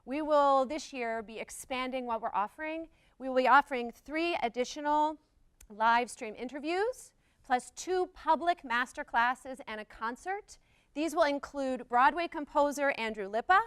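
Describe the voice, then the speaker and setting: A woman hosting a live event on stage, upbeat and energetic as an emcee. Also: high voice, moderate pace, clear, resonant tone, dry recording. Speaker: host. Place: performance hall, live audience.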